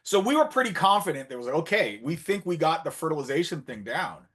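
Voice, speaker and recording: Man telling a lively fish story. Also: a little high, fast talker. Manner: animated anecdotal storyteller acting out dialogue. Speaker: marine biologist. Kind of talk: conference talk storytelling. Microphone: video call.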